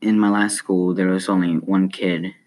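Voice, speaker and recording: A deep-voiced young man reads a personal essay aloud. His light South American Spanish accent colors the words, and his delivery is plain and earnest. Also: little pitch movement, moderate pace, a little mellow. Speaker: student.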